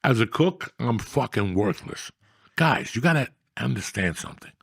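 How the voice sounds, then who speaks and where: A middle-aged man tells rambling, profane stories in a blunt, casual way. His voice is gravelly and husky. The sound is dry and close, with no room echo. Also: medium pitch, animated, moderate pace. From New Jersey. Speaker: storyteller guest. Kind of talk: casual storytelling chat.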